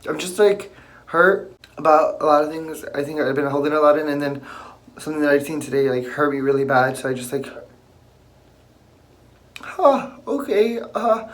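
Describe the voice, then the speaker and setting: A young man vlogging while crying on a bathroom floor, halting and full of fillers. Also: fairly high pitch. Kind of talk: emotional confessional vlog.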